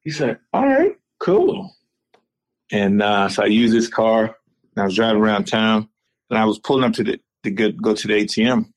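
A man's voice: on the low side, flat delivery, brisk. Middle-aged man, ex-athlete guest on a phone call, loose and laughing, repeats himself as he spins a yarn. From North Carolina. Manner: laid-back, laughs often, repeats phrases. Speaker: interview guest, former football player. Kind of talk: casual storytelling over the phone.

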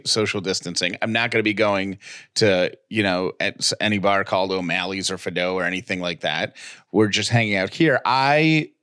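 A man's voice: lowish voice, fairly bright tone, no room sound, studio quality. A man co-hosting a casual chat podcast, playful and rambling, often restarting his sentences. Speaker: podcast co-host.

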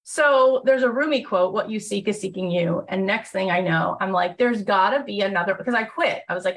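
Animated woman telling a story. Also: mid-range voice, fairly quick, few pauses. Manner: animated, acts out quoted voices. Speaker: host. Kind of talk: personal storytelling.

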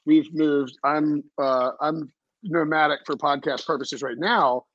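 A man's voice: on the high side, steady tone, unhurried, a bit bright, dry recording, lo-fi sound. A man hosting a sports podcast, chatting casually in a rambling way with many fillers and restarts. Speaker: podcast host. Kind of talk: casual chat.

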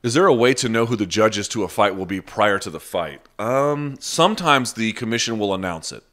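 A man's voice: fairly low pitch, animated, brisk, a bit bright. A man hosting a casual live chat, answering viewer questions off the cuff in a blunt, profane way.

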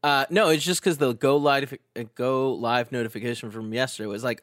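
A man's voice: medium pitch, fairly even intonation, a little fast, a bit bright, dry recording, clean studio sound. A man joining in casual show banter, playful and swearing now and then. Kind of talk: casual chat.

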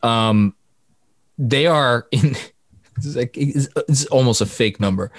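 A man's voice: mid-range voice, measured pace, no room sound, studio quality. A man co-hosting a casual sports podcast, reeling off statistics and laughing at his own numbers. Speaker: podcast co-host.

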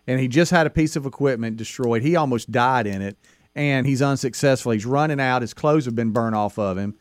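A man's voice: mid-range voice, brisk, dry recording. A man on a talk radio show, teasing a co-host and laying out his case point by point. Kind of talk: casual talk radio banter.

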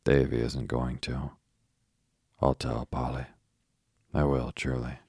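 A man reading the lines of an anxious, guilty little boy in an audiobook, with a very deep, husky, flat voice. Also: takes it slowly, dry recording, studio quality, heavily acted. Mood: pleading. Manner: reads his lines in his own low, even voice.

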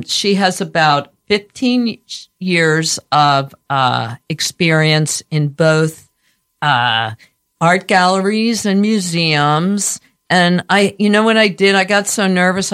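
A woman with a raspy voice hosts a loose, chatty radio show. Her talk rambles, breaks off mid-sentence and restarts, with a slight lisp on some sounds. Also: sits low, a bit bright. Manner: slightly lispy speech.

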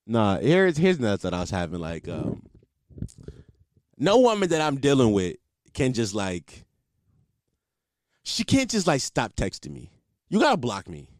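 A man's voice: medium pitch, huge pitch swings, a little slow, long pauses, dry recording, clean studio sound. A young man telling comic stories in a loose, slangy way, laughing often and swearing freely. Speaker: comedian. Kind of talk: casual comedic storytelling.

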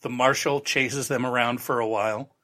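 A man hosts a podcast in an easy, rambling recap, dropping sarcastic asides as he goes. His voice is mid-pitched and bright, with a forceful edge. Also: fairly even intonation, moderate pace. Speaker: podcast host. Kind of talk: casual recap of a TV show.

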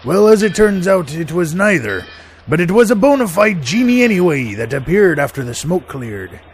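A man's voice: sits high, big pitch swings, normal speed, slight background noise. Man hamming it up in mock pirate accent. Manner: hammy pirate talk, laughing at his own jokes. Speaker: podcast host in pirate character. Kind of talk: comic pirate monologue.

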